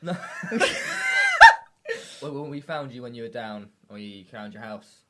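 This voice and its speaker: A young British man co-hosting a comedy podcast, telling stories in an excitable, sweary way. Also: mid-range voice, a little slow, slight background noise. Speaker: podcast co-host. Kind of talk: casual comedy chat.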